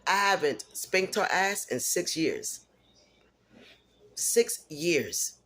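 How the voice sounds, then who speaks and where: A woman's voice: on the low side, big pitch swings, drawn-out words, a bit bright. A middle-aged single mother venting in a personal vlog, blunt and emphatic, repeating herself for stress.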